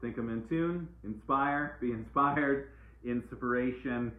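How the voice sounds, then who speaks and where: A man's voice: mid-range voice, takes it slowly. A man giving a casual, playful live-stream oracle card reading, repeating uplifting phrases like mantras. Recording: echoey room, tinny phone-like sound.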